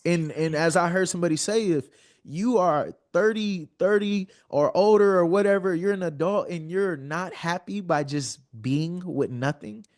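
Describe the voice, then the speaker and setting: A high-pitched man in his thirties talks at normal speed as a guest on a podcast. His heartfelt, conversational storytelling is earnest, with frequent repetition of words as he builds an argument.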